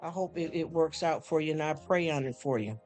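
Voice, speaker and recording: A man's voice: a little high, brisk, a little mellow. A man on a casual live stream who talks straight to his viewers, rambling, heartfelt, often stammering and repeating himself. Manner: talks straight to chatters, calls them honey and y'all. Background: faint background music.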